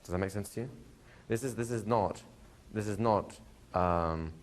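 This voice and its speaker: A man's voice: fairly low pitch, moderate pace, a little hiss or hum. A man, a hypnosis instructor, answering a student's question in a live workshop, telling stories, laughing and acting out quoted dialogue. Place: training room with students.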